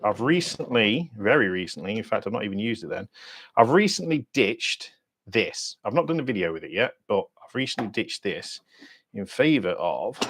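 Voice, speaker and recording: Blunt, sweary British man. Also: noisy background. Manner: blunt, sweary, matey chat; animated, lively ups and downs in pitch and loudness. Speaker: diving channel host. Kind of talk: livestream Q&A.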